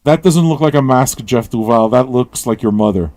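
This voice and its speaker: A man's voice: mid-range voice, moderate pace, hardly any pauses, darkish tone, no echo. Rambling, profane male radio host. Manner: rambling, profane, questions everything aloud. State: tired and high. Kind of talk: casual rambling talk to listeners.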